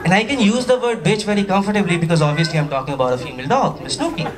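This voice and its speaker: High-voiced stand-up comic from Pakistan. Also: male voice, racing, recorded from a distance, a crowd in the background, background noise. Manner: chatty, animated, with playful asides to the audience. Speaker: stand-up comedian. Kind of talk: stand-up comedy routine. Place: comedy stage before a live audience.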